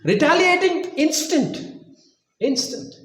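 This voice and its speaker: A man preaching in a lively, high-pitched voice that swoops all over. He hammers home his points with emphatic repetition. The sound is roomy and echoey, as if picked up from across the room. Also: takes it slowly, recorded from a distance. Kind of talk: sermon with storytelling.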